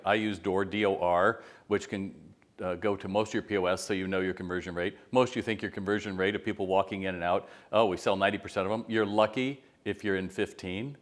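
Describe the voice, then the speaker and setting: Storytelling man, low voice. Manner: conversational storyteller, acts out quotes. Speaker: retail consultant. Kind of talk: direct-to-camera business advice.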